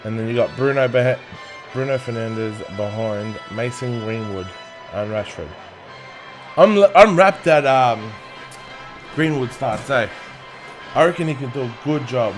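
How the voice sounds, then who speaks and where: A man's voice: medium pitch, a little slow, pauses often, music in the background. A young man hosting a football watchalong, chatting casually and passionately with frequent swearing. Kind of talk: casual live match commentary.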